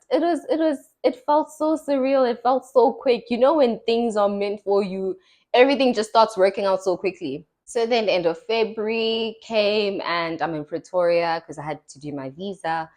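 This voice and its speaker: A woman's voice: mid-range voice, normal speed. A young woman, hosting a podcast and telling stories in casual chat, acting out the voices she quotes. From South Africa. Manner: chatty storytelling, acts out quoted voices. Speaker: podcast host.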